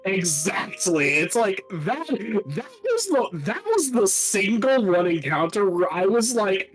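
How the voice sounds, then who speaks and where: Rambling, lively-voiced game master. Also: male voice, high-pitched, takes it slowly, hardly any pauses, faint music behind, rough recording. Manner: rambling, exasperated, swears a lot. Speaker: dungeon master. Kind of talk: casual chat recapping a game. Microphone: home microphone, peaking when loud.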